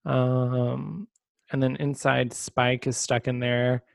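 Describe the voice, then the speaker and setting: A man with a mid-range voice chats his way through a recap of a TV episode, slipping into quick impressions of the characters. The sound is close and dry, with no room around it. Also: medium pitch, level tone, vocal fry, no room sound. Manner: chatty, retells scenes by acting out quotes. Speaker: podcast co-host. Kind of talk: casual chat recapping a TV episode.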